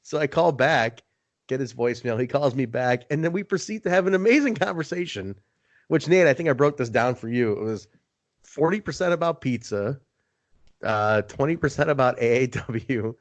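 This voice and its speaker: A man's voice: medium pitch, normal speed, dry recording. Male podcast host, casual storyteller with a mid-range voice and dry, close sound. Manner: animated storyteller, swearing, acting out quoted voices. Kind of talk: casual chat.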